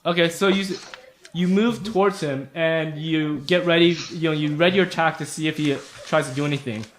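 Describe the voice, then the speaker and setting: A man's voice: on the high side, fairly quick, slight background noise. A man running a tabletop game as game master, narrating in a casual, loose way with fillers.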